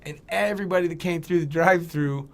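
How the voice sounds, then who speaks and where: A young man telling a comedic story on a podcast, animated and profane, acting out voices. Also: on the high side, fast talker. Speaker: podcast guest.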